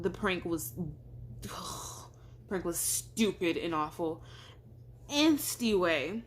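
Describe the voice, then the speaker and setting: A woman telling a personal story in casual vlog chat, rambling with lots of fillers and acting out what people said. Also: on the low side. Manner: rambling, filler-heavy, acts out quoted dialogue.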